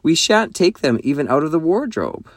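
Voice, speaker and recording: Fussy practical schoolgirl, as a man puts her on, raised lively pitch, dry close sound. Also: moderate pace, dry recording.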